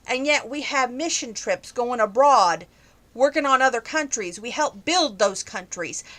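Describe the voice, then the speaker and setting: A woman's voice: high voice, a bit bright. A young woman answering viewer questions in a casual, opinionated chat that grows heated on some topics.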